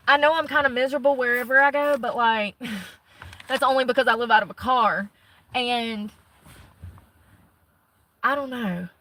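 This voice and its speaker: A woman's voice: fairly high pitch, bright, forceful tone, low-quality recording. A woman vlogging from the car she lives in, rambling bluntly and cursing, a little out of breath. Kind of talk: casual chat.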